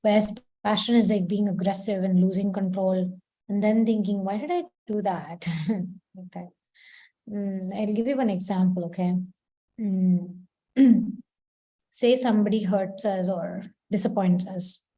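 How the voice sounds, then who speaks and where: Mellow-voiced woman teaching a devotional lesson. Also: mid-range voice, steady tone, unhurried. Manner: explains patiently, acting out short example quotes. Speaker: spiritual teacher.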